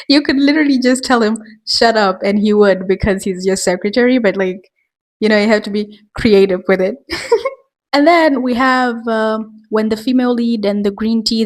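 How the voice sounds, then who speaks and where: A woman hosting a casual commentary vlog, chatty and quick to laugh, with lots of filler words. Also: mid-range voice. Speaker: video host.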